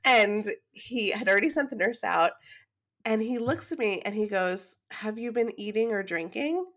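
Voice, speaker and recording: A woman in her thirties from the United States, a podcast guest telling a personal story in an animated, emotional way and laughing often. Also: medium pitch, normal speed. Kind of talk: conversational storytelling.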